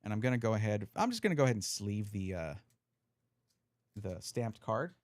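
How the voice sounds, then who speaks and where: A man's voice: fairly low pitch, very animated, normal speed, no room sound. A man hiccuping as he chats casually on a live stream, explaining card rules while he sorts a deck. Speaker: streamer reviewing trading cards.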